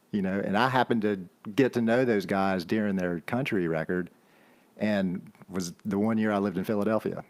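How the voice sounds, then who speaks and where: A man with a fairly low voice, chatting as a guest on a casual podcast. He rambles on with enthusiasm and drifts from one thought to the next. He peppers his talk with "man" and "you know". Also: darkish tone. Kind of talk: casual chat.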